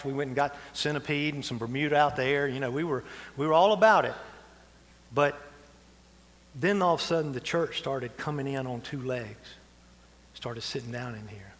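A man's voice: on the high side, a bit bright. A man preaching a sermon as pastor, folksy and conversational, with asides and chuckles. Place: church sanctuary. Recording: long reverb of a church hall.

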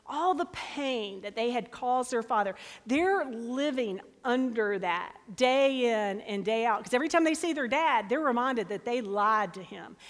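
A woman preaching a sermon, reading scripture aloud with dramatic, expressive delivery. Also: a little high. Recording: long hall reverb.

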